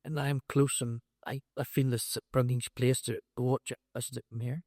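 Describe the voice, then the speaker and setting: A man hosting an on-stage conversation, asking halting, enthusiastic questions. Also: mid-range voice, flat delivery, a little mellow, no room sound, clean studio sound. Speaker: host interviewer.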